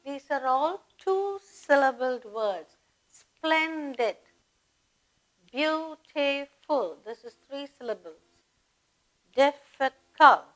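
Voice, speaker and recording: Slow, high-voiced woman teaching grammar. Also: a bit bright, poor audio. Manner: slow, deliberate, spells out word lists with pauses. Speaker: English teacher. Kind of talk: slow classroom grammar lesson.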